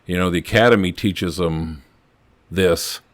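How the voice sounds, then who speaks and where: An older man, a retired police officer, chatting as a podcast guest in an earnest, halting way, often restarting his sentences. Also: sits low, no room sound. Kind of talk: casual storytelling chat.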